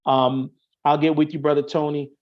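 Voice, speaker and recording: A man's voice: a little high, flat delivery, moderate pace. Guy talking on a call, lots of restarts and ums, kinda muffled sound. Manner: earnest, thinks aloud with many restarts and fillers. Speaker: Masonic officer, guest on an online show. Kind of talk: casual explanatory chat.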